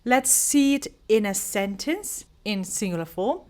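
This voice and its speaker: A young woman, an English teacher giving an unhurried pronunciation lesson to camera, explaining each word with example sentences. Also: medium pitch, expressive, darkish tone. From Turkey.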